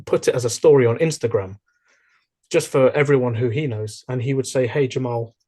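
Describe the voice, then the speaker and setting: A young man chatting as a podcast guest, telling stories in a lively way with many fillers and restarts. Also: mid-range voice, a little fast, husky. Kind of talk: casual interview chat.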